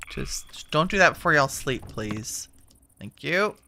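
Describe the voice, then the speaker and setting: Bright, lively woman narrating her gameplay. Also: low-pitched, measured pace, creaky. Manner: chatty, talks to her game characters as she plays. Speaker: game streamer. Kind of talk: casual gameplay commentary.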